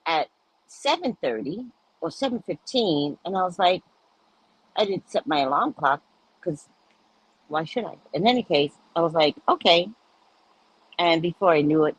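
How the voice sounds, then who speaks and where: Lively, husky-voiced woman chatting. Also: lowish voice, a little slow, long pauses, low-quality recording. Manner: chatty, animated, reads chat aloud. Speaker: livestream host reading viewer comments. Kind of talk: casual chat.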